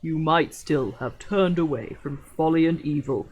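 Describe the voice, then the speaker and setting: A stern old wizard, voiced by a woman reading aloud, speaks in a lowered, grave register, softer than her usual voice. The delivery is commanding and measured, with slow, deliberate stresses in a storybook reading. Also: breathy edge, low-quality recording.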